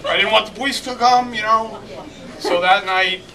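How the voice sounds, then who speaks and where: A middle-aged man telling a comic anecdote at a reunion, laughing as he goes and breaking into loud outbursts. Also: sits high, normal speed. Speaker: storyteller at a reunion. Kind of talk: animated anecdote told to a crowd. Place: crowded reunion gathering. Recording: distant camera audio in loud crowd.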